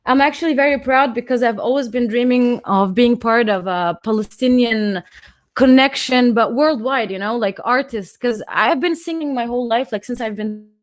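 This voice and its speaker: A high, bright-pitched woman in her twenties performs spoken word poetry with fierce emphasis, then talks with open emotion. She is from Austria and speaks over a video call. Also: moderate pace. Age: 20s. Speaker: poet and singer at an online conference.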